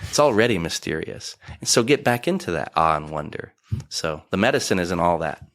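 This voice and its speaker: Man, 40s, podcast guest, deep voice, reflective and animated. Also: a little fast. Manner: earnest, animated storytelling with acted-out asides. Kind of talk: reflective conversational talk. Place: studio, in person.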